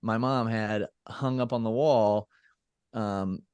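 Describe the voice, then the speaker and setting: A man's voice: lowish voice, fairly even intonation, slow pace, a little mellow, clear, resonant tone, dry recording. A man as a podcast guest in casual interview chat, reflective and loose, with many fillers and restarts.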